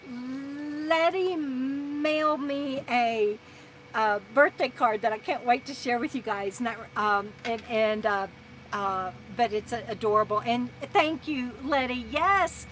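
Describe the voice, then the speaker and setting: A woman hosting a casual live stream, telling stories in an animated way, laughing often and stumbling through restarts as she thanks her viewers. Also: high voice, slight background noise, low-quality recording. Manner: halting with repeated restarts.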